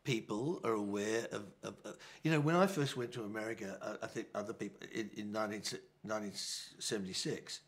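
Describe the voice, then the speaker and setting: Older Australian man, halting speech. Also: fairly low pitch. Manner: halting, with many restarts and repeated words. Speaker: film director. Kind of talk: reflective interview answers.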